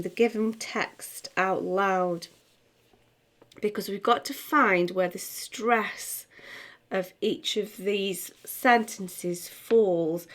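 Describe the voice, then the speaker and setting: A middle-aged woman, teaching music theory in a relaxed, chatty way with many fillers. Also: mid-range voice. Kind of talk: explaining a lesson to camera.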